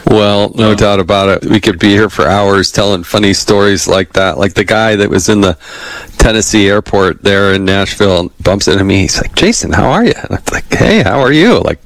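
A man's voice: deep voice, flat delivery, normal speed, no room sound, low-quality recording. A middle-aged man hosting a podcast interview, chatting casually and telling anecdotes. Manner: chatty, tells anecdotes with acted-out quotes. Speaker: podcast host.

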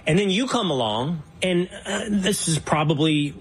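A man from a small town in Texas who hosts an interview, asking long, halting questions full of restarts. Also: a little high, expressive, slightly rough. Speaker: interview host. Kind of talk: conversational interview.

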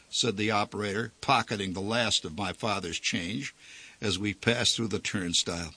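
A man's voice: lowish voice, moderate pace, sharp tone, husky, no room sound. A man narrating a story aloud, with vivid, theatrical storytelling delivered close to the mic. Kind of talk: dramatic story reading.

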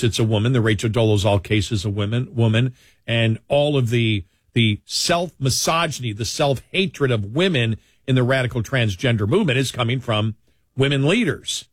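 Animated male talk radio host. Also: mid-range voice, moderate pace, breathy edge, no room sound, clean studio sound. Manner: animated, acts out mocking quotes. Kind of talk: casual talk radio chat. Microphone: studio microphone.

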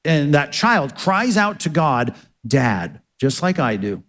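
A man's voice: a little high, very animated, unhurried, fairly bright tone. Earnest male pastor preaching. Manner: earnest teaching with rhetorical questions and answers. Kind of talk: sermon.

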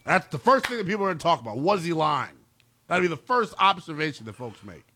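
A man co-hosting a sports talk show, incredulous and animated, firing off rhetorical questions that climb into shouts. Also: a little high, fast. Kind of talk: sports talk radio banter.

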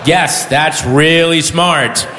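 A man doing a stand-up comedy set, animated and bursting into shouted punchlines, on a stage before an audience. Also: fairly high pitch, extremely slow. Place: large hall with audience. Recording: live hall with crowd noise.

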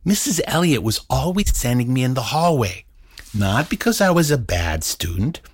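Animated storytelling man with a husky voice. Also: mid-range voice, moderate pace, no echo, clean studio sound. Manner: animated, acts out voices and sounds. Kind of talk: storytelling performance.

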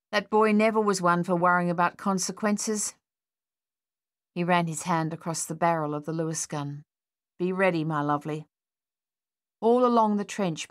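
Woman narrator with a lowish voice for an audiobook, measured and even, dry booth sound. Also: no echo.

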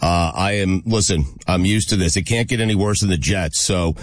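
A man's voice: deep voice, normal speed, dry recording. A man hosting sports radio in a casual, upbeat, reassuring way, laughing easily.

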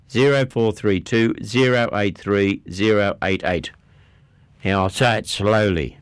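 An Australian man presenting announcements on community radio in a chatty way, repeating details and pausing with fillers. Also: lowish voice, clean tone, no room sound. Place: radio studio.

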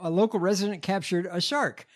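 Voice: medium pitch, fairly quick. Hesitant podcast host reading headlines. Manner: hesitant, filler-heavy reading.

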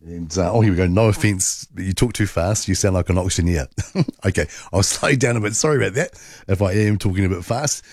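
A man's voice: low voice, fairly quick, darkish tone, no echo. Chatty New Zealand radio host man. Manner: chatty, rambling, many fillers. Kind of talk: overnight talkback radio. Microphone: studio microphone.

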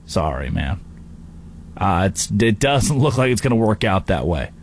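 Animated male sports talk host. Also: lowish voice, normal speed, a little hiss or hum. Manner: animated, jokey, tosses in brief impressions.

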